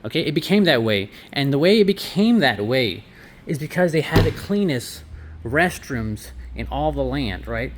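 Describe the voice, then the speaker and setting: A man's voice: medium pitch, sing-song, moderate pace. Man, chatty laundromat owner vlog, wry sarcastic asides, light background noise. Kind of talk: casual vlog walkthrough. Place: inside a laundromat.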